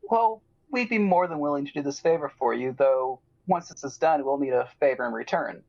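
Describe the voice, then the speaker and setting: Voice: medium pitch, animated, brisk, vocal fry, a little mellow, highs cut off. A player voicing a poised noble lady adventurer, speaking in formal, courtly tones.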